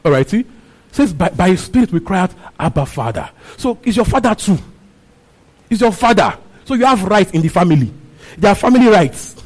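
A man's voice: high voice, lively intonation, a little fast, low-quality recording. A man preaching a sermon, repeating his phrases and asking the congregation questions. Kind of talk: sermon teaching on a Bible passage.

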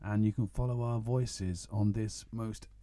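A man's voice: fairly low pitch, steady tone, measured pace, warm tone. A man from Kent hosting a podcast for English learners, theatrical and jokey, sometimes breaking into song. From England (Kent). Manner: theatrical, jokey, bursts into singing. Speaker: podcast host. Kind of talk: playful scripted podcast intro.

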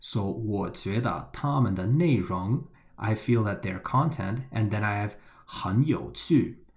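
A man's voice: fairly low pitch, animated, measured pace, a little mellow. A man explaining Mandarin grammar to learners, patiently repeating the key points. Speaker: language teacher.

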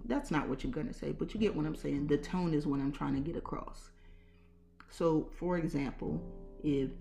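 A woman with a low, mellow voice hosts a casual advice podcast. She talks earnestly, repeating her key points and slowing down to stress them. Faint guitar music plays behind her. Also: gravelly. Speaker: podcast host, parent caregiver.

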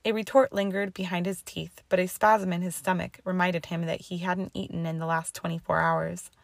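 A woman reading a story aloud as narrator, even and unhurried. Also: fairly low pitch, creaky, no echo. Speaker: audiobook narrator.

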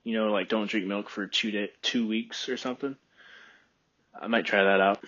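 A man from Texas hosting his podcast in a rambling, relaxed chat, with a phlegmy throat he keeps clearing. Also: fairly low pitch, normal speed, lo-fi sound. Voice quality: phlegmy, husky. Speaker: podcast host. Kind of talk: casual solo podcast chat. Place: room by a window.

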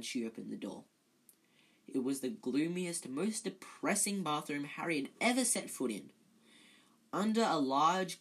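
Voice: medium pitch, breathy edge, low-quality recording. A reader narrating a novel aloud in an amateur way, often stumbling and correcting themselves.

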